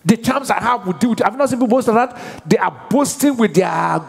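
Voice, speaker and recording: Pastor preaching in a big hall. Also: male voice, high-pitched, animated, fast, creaky, slightly rough, faint music behind. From Nigeria. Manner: call-and-response preaching, rising to shouted prayer. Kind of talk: sermon. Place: large church hall. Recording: live church hall reverb.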